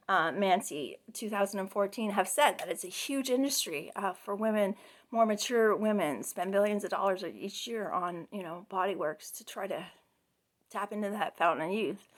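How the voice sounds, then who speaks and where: A middle-aged woman from Canada giving a class case presentation as a counseling student, chatty and full of fillers, laughing often. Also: medium pitch.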